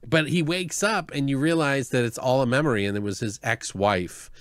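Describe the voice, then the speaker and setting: A man co-hosts a horror podcast and retells a movie in loose, rambling chat. His voice sits at an average pitch, and he laughs and curses as he goes. The mic sound is close and dry. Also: normal speed, fairly bright tone, no room sound. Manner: rambling, laughs often, swears, mimics characters. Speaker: podcast co-host. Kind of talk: casual movie review chat.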